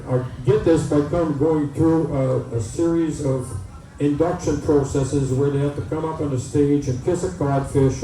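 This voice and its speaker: This event emcee tells folksy jokes to a community crowd, using plenty of uhs along the way. He has a mid-range voice with a dark tone, and the sound comes over an echoey PA from a distant mic with faint noise.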